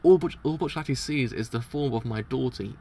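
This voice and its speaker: A scheming male crime boss speaks in a calm, controlling tone, weighing each instruction. A man reads him out, his voice gravelly, over a faint hiss. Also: mid-range voice, a little fast, natural voice. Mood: cold, instructing. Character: scheming male mafia boss, cold and commanding.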